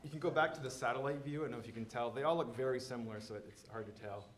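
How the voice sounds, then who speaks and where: A man's voice: mid-range voice, rapid-fire, reverberant. A man presenting engineering plans at a public meeting, explaining in a loose, filler-heavy way.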